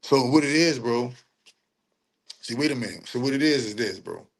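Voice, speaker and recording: With a medium-pitched, expressive voice, a man hosts a livestream full of slangy, casual commentary. He laughs as he talks, drawing out and mockingly repeating phrases.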